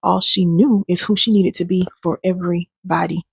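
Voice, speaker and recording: Woman coach, husky gravelly voice, dry close sound, sassy preachy teaching. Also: on the low side, fairly even intonation, moderate pace, dry recording. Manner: warm preachy coaching with pet names and sass. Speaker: healing coach and video host. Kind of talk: direct-to-camera teaching talk.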